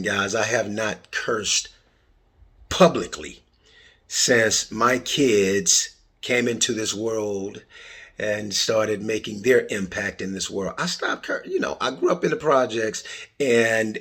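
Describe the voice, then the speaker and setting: Middle-aged guy hosting a podcast, jokey and animated, kinda husky low voice. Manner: playful, jokey and expressive. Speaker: podcast host. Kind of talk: casual monologue.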